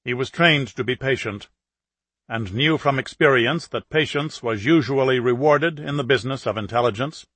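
Male audiobook narrator, steady scripted delivery, husky texture, dry close sound. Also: medium pitch, moderate pace, dry recording.

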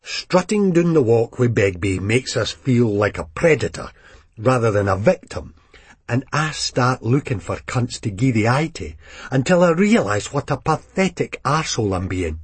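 A man with a Scottish accent narrating a novel in a blunt, deadpan way. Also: medium pitch, slightly rough, dry recording. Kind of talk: audiobook narration.

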